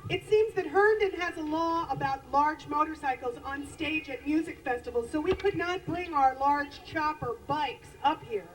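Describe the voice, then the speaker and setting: A woman's voice: sits high, normal speed, few pauses. A woman in a band announcing a song and coaxing the audience to join in, in a theatrical emcee manner on an outdoor stage. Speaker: band member introducing songs. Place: outdoor lawn concert stage. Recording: distant live stage recording with faint noise.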